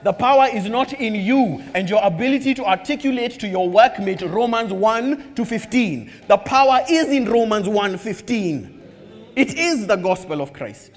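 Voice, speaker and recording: A male preacher with a fairly high voice that leaps up and down. He tells a story with humor, acting out bits of dialogue as he preaches. His voice rings out with a long reverb in a church hall. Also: normal speed. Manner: animated storyteller who acts out dialogue with humor. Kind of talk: sermon.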